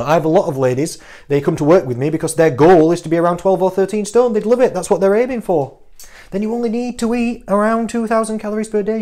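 A man, a fitness coach giving an energetic, teasing talk to camera full of rhetorical questions. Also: on the high side.

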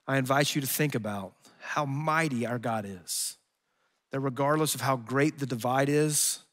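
A man preaching a sermon as pastor, in an earnest, conversational way that voices imagined speakers, then slowing into soft prayer. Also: mid-range voice. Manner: closes in soft, slow prayer. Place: church sanctuary. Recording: long hall reverb.

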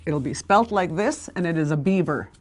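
A woman's voice: deep voice, animated, normal speed. A woman teaching a language lesson, patiently sounding out words and repeating them, with small apologies for slips.

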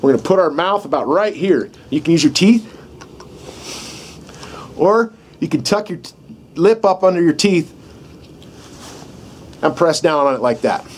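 A middle-aged man with a fairly high voice gives a casual, folksy lesson outdoors, checking in with the listener again and again. A faint hiss of open-air noise sits under the recording. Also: animated, unhurried, long pauses. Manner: casual, folksy, keeps asking "right?". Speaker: game call instructor. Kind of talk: outdoor how-to demonstration. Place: outdoors in the country, dogs barking nearby.

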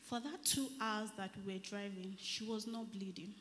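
A woman with a Nigerian accent giving an earnest church testimony, often dropping to a near whisper before rising loud again. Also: medium pitch, moderate pace. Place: church service. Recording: reverberant church hall, faint noise.

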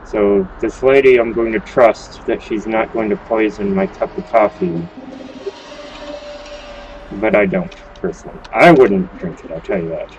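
A man's voice: fairly low pitch, measured pace, darkish tone, muffled recording, a little hiss or hum. A man hosting a let's play, commenting on the game in a casual, joking way and swearing now and then.

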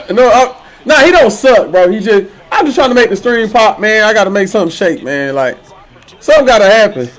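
A man streaming a football video game, trash-talking his opponent loudly with slang, swearing and laughter. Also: high-pitched, expressive, a little fast. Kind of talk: trash-talking gameplay commentary.

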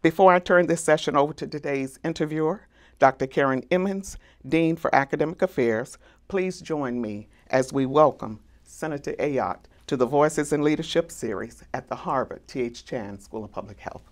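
A woman directing a lecture series, reading a formal, measured introduction of a guest. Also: low-pitched. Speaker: program director, host. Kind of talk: scripted introduction.

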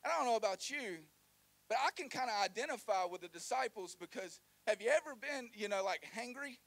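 A man preaching a lively sermon, joking and calling the congregation to repeat lines. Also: extremely high pitch, fairly quick, vocal fry. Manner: animated, joking, call-and-response with congregation. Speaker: pastor.

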